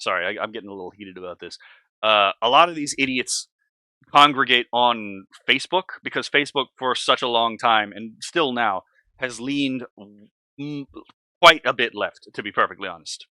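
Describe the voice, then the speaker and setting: Bright-voiced, rambling reaction host man. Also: mid-range voice, normal speed, dry recording. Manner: rambling, filler-heavy, blunt and opinionated. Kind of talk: casual reaction commentary.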